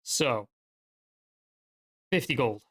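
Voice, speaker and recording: A man's voice: medium pitch, drawn-out words, fairly bright tone. A man voicing an elderly, scarred male dwarf blacksmith who speaks bluntly and in clipped phrases while he haggles. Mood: gruff.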